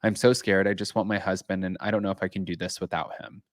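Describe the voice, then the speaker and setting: Male host, lowish voice, dry close mic, chatty delivery reading news to viewers. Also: fairly even intonation, quick pace, no echo. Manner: chatty, reads news aloud. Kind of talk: casual chat. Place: home, with his cat.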